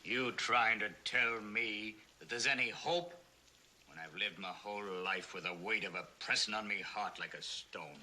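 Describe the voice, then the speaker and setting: A man's voice: lowish voice, very animated, a little slow, background noise. A weary frontier father. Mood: doubtful.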